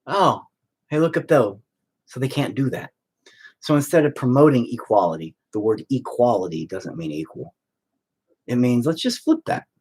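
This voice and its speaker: A man's voice: mid-range voice, expressive, moderate pace, a little mellow, breathy edge. A man chatting at home while painting, rambling through a profane, opinionated rant.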